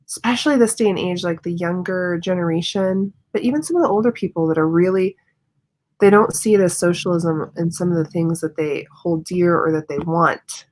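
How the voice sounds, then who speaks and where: Woman guest, lower voice, earnest and conversational, filler-heavy. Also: fairly quick, darkish tone. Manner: earnest, thoughtful, with many fillers. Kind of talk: casual live chat.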